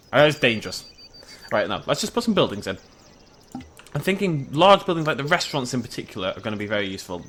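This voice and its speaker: Male gaming commentator, excitable and chatty, voice leaping all over the place, faint background hiss. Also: medium pitch. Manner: excitable, chatty, talks to the creatures. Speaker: gaming YouTuber. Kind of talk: game commentary.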